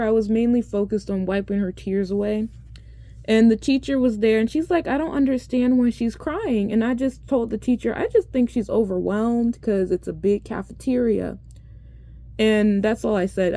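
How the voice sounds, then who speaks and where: A young woman, a teaching assistant, talks through her week in a casual, rambling way, full of asides. Her voice sits mellow and soft. The sound is close and dry, with no room in it. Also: medium pitch, no room sound. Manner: rambling, retells classroom scenes with many asides. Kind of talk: casual vlog storytelling.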